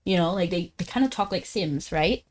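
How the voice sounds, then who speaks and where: Woman streamer, rapid chatty gaming talk, giggly, fillers. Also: lowish voice, animated. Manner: fast-talking, says "like" a lot, giggly. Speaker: game streamer. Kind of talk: casual live-stream chat while gaming.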